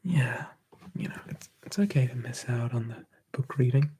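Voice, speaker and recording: A man streaming live ASMR, whispering softly and answering chat in a relaxed way. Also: mid-range voice, moderate pace, husky.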